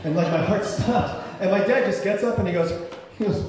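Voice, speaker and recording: A man telling a personal story live on stage, conversational and full of fillers and restarts, bursting into loud shouts when he voices his own thoughts. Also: high-pitched, moderate pace, crowd noise. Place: cultural center stage before an audience. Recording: very echoey hall, faint noise.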